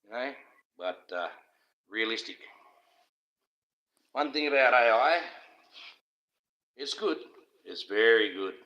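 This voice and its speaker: A man's voice: medium pitch, expressive, takes it slowly, pauses often, sharp tone, muffled recording. An older man, hosting a casual livestream in a rambling, jokey way and chuckling to himself. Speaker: livestream host.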